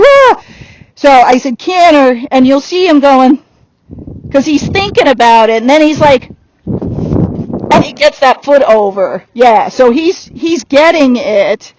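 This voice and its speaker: High-pitched woman trainer; direct, upbeat coaching in an outdoor arena. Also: darkish tone, dry recording, rough recording. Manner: direct coaching with quick laughs. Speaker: horse trainer. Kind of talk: giving a riding lesson.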